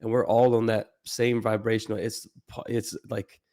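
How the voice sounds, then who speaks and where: A man's voice: on the low side, level tone, moderate pace, a little mellow. A man guest on a podcast, talking earnestly in loose, casual chat with some swearing.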